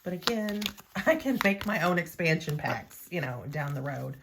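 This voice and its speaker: A woman's voice: fairly low pitch, expressive, normal speed, noisy background. A woman vlogging about nail art in a casual, playful, chatty way, talking to herself as she works. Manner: chatty, playful, talks to herself while working. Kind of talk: casual chat to camera.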